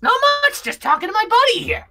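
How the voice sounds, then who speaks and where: A man voicing a tiny, cheerful male kobold who is friendly and excitable. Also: extremely high pitch, fast talker, voice pushed up, heavily acted. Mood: chummy. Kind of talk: voicing a character in a tabletop game.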